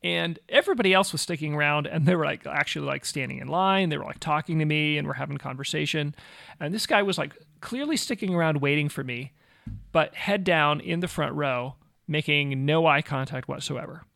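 A man in his forties, a former missionary, telling a personal story in a casual, animated way with self-mocking asides. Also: on the high side, fairly quick, vocal fry, no echo.

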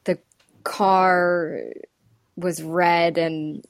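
A woman's voice: lowish voice, little pitch movement, extremely slow, dry recording. Chatty woman dialect coach, dry sound. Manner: chatty, thinks aloud, laughs between phrases. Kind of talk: casual interview chat.

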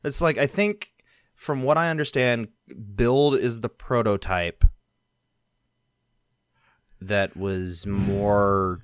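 A man's voice: on the low side, fairly even intonation, slow pace, pauses often, dry recording, clean studio sound. A man co-hosting a casual podcast, musing aloud and hedging his points. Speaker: podcast co-host.

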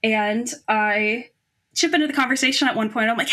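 A young woman with a high, bright voice tells a personal story on a podcast. She is animated and self-deprecating, and she breaks into laughter often. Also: moderate pace. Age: young adult. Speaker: guest storyteller. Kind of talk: personal anecdote.

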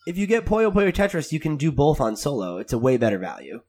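An American man co-hosts a casual gaming podcast. His voice sits high and swings widely in pitch. He teases his co-host and laughs often. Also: fast talker. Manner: animated and teasing, laughs a lot.

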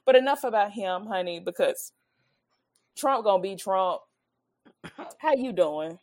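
A woman's voice: mid-range voice, expressive, measured pace, a little mellow. A woman co-hosting a podcast in casual chat, sassy, blunt and emphatic. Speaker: podcast co-host.

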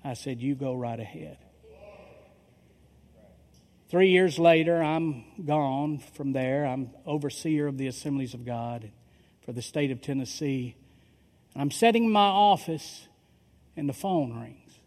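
In a large hall with long reverb, a middle-aged pastor tells a story during his sermon and acts out what the people in it say. He speaks at a measured pace in a medium-pitched, slightly mellow voice.

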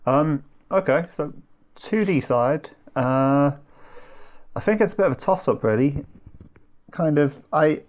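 A man's voice: a little high, animated, a little slow, pauses often, darkish tone. A man chatting in a laid-back, noncommittal way on a gaming podcast. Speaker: podcast co-host. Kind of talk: casual chat.

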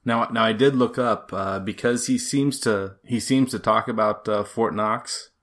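A man joining a podcast as a guest, chatting casually in a halting, hesitant way. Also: on the low side, fairly bright tone, soft background music. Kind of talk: casual chat.

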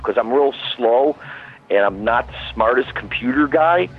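A man speaking at medium pitch and moderate pace phones in as a guest musician for a relaxed chat. He rambles and repeats himself, and the call audio is tinny.

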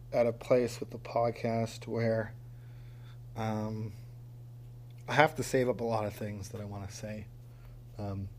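A man's voice: mid-range voice, a little mellow, slight background noise. A man hosting a casual solo podcast from a home studio, rambling with lots of ums and dry self-mocking humor. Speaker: podcast host. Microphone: mic on a tripod.

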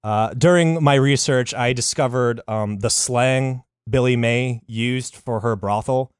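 A man's voice: mid-range voice, a little slow, smooth, no room sound, studio quality. A man hosting a podcast, telling a story in casual chat with crude jokes and frequent fillers.

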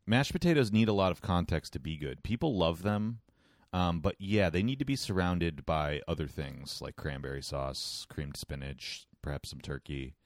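Deep-voiced man ranting deadpan. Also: normal speed, no echo, clean studio sound. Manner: wry, deadpan rants with frequent swearing. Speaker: podcast co-host. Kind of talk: casual chat.

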